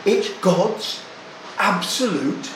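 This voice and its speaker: An older man preaching a sermon, deliberate and emphatic, leaning hard on single words. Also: sits high, lively intonation, echoey room, noisy background.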